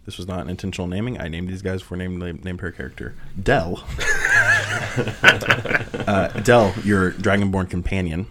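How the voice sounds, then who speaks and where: A man's voice: sits low, fairly even intonation, normal speed, heavy background noise. A man narrating as game master of a tabletop game, describing scenes with occasional restarts.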